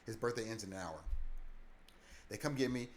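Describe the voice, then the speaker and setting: A man telling his life story as an interview guest, animated and candid, acting out the people in it and restarting in quick bursts. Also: lowish voice, a little hiss or hum. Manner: animated, acts out the people in his story with big swings in loudness; talks in quick bursts with many short restarts.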